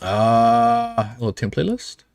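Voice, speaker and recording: A man hosting a casual livestream, chatting in an excitable, rambling way and swearing freely. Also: medium pitch, a little slow, vocal fry, no echo. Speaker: livestream host. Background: faint background music.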